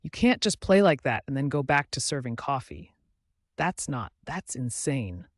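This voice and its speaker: A man's voice: medium pitch, sing-song, unhurried, dry recording, clean studio sound. A man voicing a successful, driven businessman who speaks earnestly and urgently.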